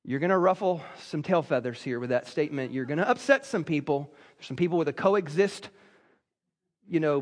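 A man from South Carolina, preaching a sermon to a church congregation with humorous storytelling. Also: on the high side. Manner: humorous storytelling, acts out quotes. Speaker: pastor. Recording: long reverb of a large hall.

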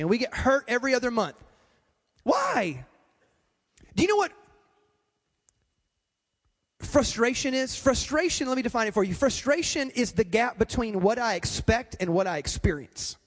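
Male pastor, sermon, very high voice, emphatic, repetitive, long church-hall reverb. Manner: repetitive, emphatic, addresses the congregation.

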